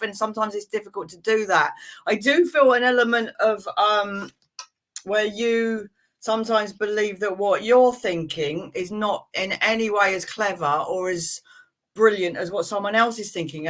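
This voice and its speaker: A woman reads tarot cards live in a bright, sharp-edged voice. She talks haltingly, feeling her way through each thought, trailing off and starting again. Her delivery sounds searching and unscripted. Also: mid-range voice. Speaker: tarot reader.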